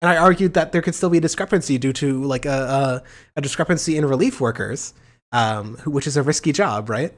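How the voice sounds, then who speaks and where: A man's voice: medium pitch, a little fast. A man hosting a casual political livestream, rambling and sarcastic, with a profane, joking way of talking. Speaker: livestream host.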